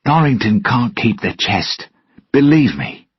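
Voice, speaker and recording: Storybook pirate captain read by a man: wily and self-assured, very husky, on a dull lo-fi track. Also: sing-song, unhurried, no echo, exaggerated voice. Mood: sly. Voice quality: husky low voice. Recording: dull lo-fi recording.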